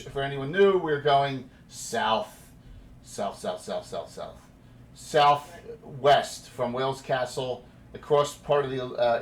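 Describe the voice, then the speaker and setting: A man's voice: medium pitch, a bit bright, a little hiss or hum. A man with a New Jersey accent running a tabletop game as game master, rambling with many restarts.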